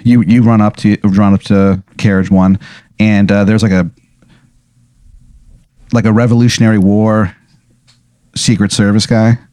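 Male game-master type, low-ish voice, loose profane rambling delivery, dry booth. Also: little pitch movement, measured pace, pauses often, dark tone, no echo. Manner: casual, profane, rambling with many fillers. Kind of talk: improvised comedic narration.

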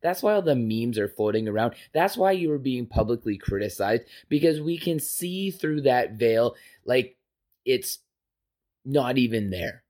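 A man's voice: medium pitch, lively intonation, measured pace, darkish tone. A man with a mid-range voice sits at a podcast microphone and rants. He speaks in an impassioned, emphatic way and swears freely while he drives his points home. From Canada. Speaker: podcast host. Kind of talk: political opinion rant.

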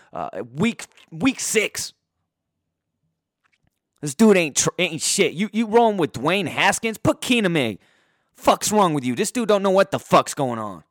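A man's voice: big pitch swings, unhurried, no echo, clean studio sound. Heated, profane man ranting about sports. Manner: heated, profane, swings between loud outbursts and low muttering. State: voice going hoarse. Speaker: sports podcaster. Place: indoors.

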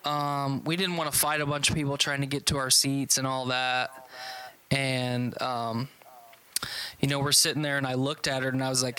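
A man's voice: mid-range voice, little pitch movement, moderate pace, bright, forceful tone, rough recording. A man in casual chat, recapping a concert he saw in a loose, rambling way with frequent swearing and restarts.

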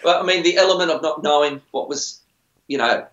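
Rambling and self-deprecating, this middle-aged musician from a TV singing show tells chatty stories in a casual interview. His voice sits fairly high with a fairly bright tone, and he talks a little fast. The sound is lo-fi, dull and roomy.

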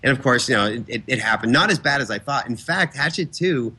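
A guest filmmaker talks quickly and casually, slipping into other people's voices as he tells his stories. His tone is bright and forceful. It is a relaxed conversation. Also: mid-range voice, slightly rough. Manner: fast, animated storyteller who acts out quotes. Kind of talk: casual interview chat.

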